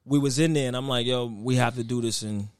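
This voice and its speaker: A man's voice: mid-range voice, steady tone, brisk, clear, resonant tone, dry recording, studio quality. A young man, a guest rapper, chatting casually on a podcast and telling his story with loose asides and frequent "you know what I mean.".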